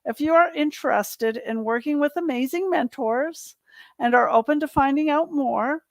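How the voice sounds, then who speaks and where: A woman's voice: high voice, normal speed, no room sound. A woman hosting an online show, wrapping up with upbeat, encouraging talk. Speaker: host. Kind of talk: online show wrap-up and promo.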